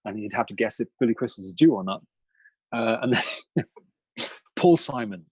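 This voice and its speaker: A man chatting casually as a podcast co-host, rambling through stories with plenty of ums and frequent laughs. His voice sits at an ordinary middle pitch. It is recorded dry and close, with no room sound. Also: lively intonation, normal speed, long pauses, darkish tone, slightly rough, dry recording. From outside America, lived in Chicago. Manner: rambling, laughs often, many fillers. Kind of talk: casual chat.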